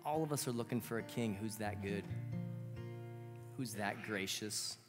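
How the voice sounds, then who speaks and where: Man in his thirties, pastor, casual earnest sermon, lowish voice, long hall reverb, guitar playing underneath. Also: unhurried. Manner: casual, earnest, self-deprecating humor. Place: church sanctuary.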